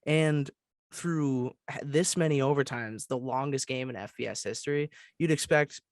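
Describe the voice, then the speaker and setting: A man's voice: medium pitch, moderate pace, no echo. Young man chatting sports, dry mic. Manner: chatty, trails off and restarts. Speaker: podcast co-host. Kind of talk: casual sports chat.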